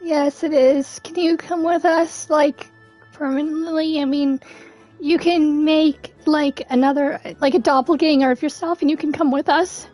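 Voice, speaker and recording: A woman chatting through a game playthrough as a streamer, reacting loudly and with excitement to what happens on screen. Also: high voice, a little slow, soft background music. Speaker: gaming streamer.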